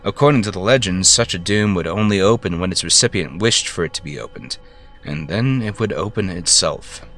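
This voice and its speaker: A man telling a first-person story, narrating in a halting way with stammered self-corrections. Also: low voice, lively intonation, a bit bright, faint music behind.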